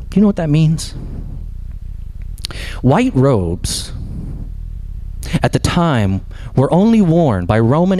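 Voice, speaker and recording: Impassioned male pastor with lively pitch. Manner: impassioned preaching, swings between loud emphasis and slow hushed lines. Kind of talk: sermon.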